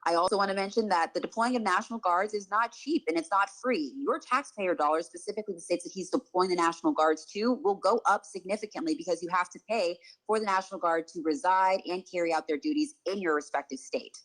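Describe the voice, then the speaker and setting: A woman narrating a scripted news explainer video, reading in a steady, even way. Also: on the low side, fast, few pauses, rough recording.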